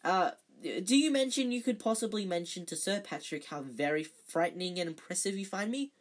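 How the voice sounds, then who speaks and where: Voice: mid-range voice, lively intonation, moderate pace, natural voice. A reader voicing an old male ghost who speaks eagerly and formally. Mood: dignified.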